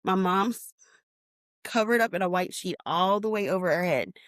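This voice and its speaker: Here a woman of medium pitch talks at normal speed, the studio sound clean and free of room tone. Guesting on a podcast for a personal storytelling interview, she tells of a painful memory with feeling. She voices what was said by her and others, recreating her own shouting.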